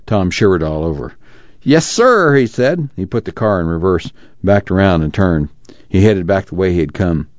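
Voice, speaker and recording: A man narrating a novel aloud for a radio reading service, steady and measured. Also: sits low, dry recording. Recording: dry, slightly muffled studio recording.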